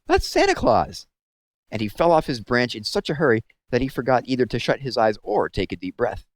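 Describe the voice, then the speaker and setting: A man reading a children's book aloud with expressive storytelling, close to the mic. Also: mid-range voice, quick pace, no room sound. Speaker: read-aloud host.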